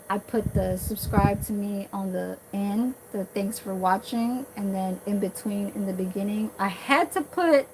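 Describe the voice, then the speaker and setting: A woman's voice: medium pitch, noisy background. A woman vlogger talking in a blunt, profane, rambling way, full of fillers and restarts. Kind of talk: casual rambling monologue.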